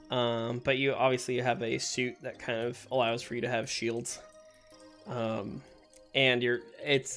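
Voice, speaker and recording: A man of middling pitch chats loosely while he plays, cracking jokes and laughing at his own mistakes. He talks into a desk mic over game music and bursts of gunfire. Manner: chatty, joking, laughs often at himself. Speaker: gameplay streamer. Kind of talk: casual let's-play commentary.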